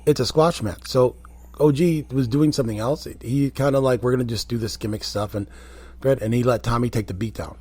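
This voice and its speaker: A man, a former wrestler, telling rambling, animated stories in a casual interview. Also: mid-range voice, a little fast, breathy edge, no room sound. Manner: rambling, animated anecdotes with quoted voices.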